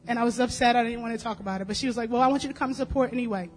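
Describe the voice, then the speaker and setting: A woman's voice: on the high side, racing, faint music behind, low-quality recording. Chatty woman giving a church testimony. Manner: chatty, storytelling, many fillers. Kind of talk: personal testimony. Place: church service.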